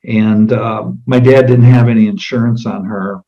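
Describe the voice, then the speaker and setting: Middle-aged man walking through a sales pitch. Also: fairly even intonation, normal speed, dull audio. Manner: conversational, asks many direct questions. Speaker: insurance agent and sales trainer. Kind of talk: demonstrating a client sales meeting.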